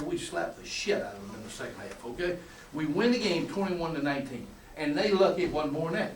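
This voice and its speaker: An older man, a football coach telling colorful, emphatic stories at a clinic and chuckling along the way. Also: on the high side. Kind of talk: folksy storytelling lecture. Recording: roomy, distant mic with faint room noise.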